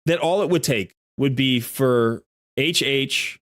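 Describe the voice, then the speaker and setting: Man, live stream commentary, argumentative, explains step by step, middle pitch, dry sound. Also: slow, a bit bright, no echo. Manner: argumentative, explains with worked examples. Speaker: game streamer.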